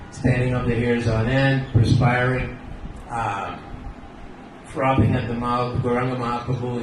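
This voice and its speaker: An older man giving a devotional storytelling lecture, animated and chuckling. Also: mid-range voice. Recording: echoey room, distant mic, noisy.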